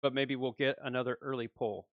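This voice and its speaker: A man hosting a gaming channel, commentating his summon pulls with animated swings between hype and letdown. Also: mid-range voice, brisk, dry recording, narrow, tinny audio. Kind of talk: excited gacha pull commentary.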